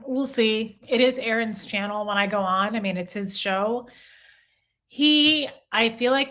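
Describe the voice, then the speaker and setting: A woman with a bright, forward voice hosts a casual livestream. She reads viewer comments aloud and answers them candidly, with a confessional tone and free swearing. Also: mid-range voice. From Omaha, United States. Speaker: livestream host.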